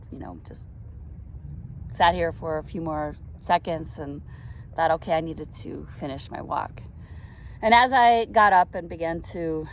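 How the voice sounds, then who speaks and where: Slow, earnest woman in a park. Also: deep voice, a little hiss or hum. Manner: earnest, reflective, with soft laughs. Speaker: vlogger telling a faith story. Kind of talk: casual personal storytelling. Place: outdoors in a park.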